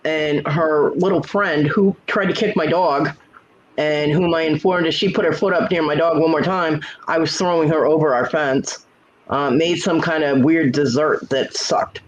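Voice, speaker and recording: A man's voice: fairly high pitch, steady tone, moderate pace, muffled recording. A man hosting a casual livestream chat from home, telling blunt, profane stories. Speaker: livestream host.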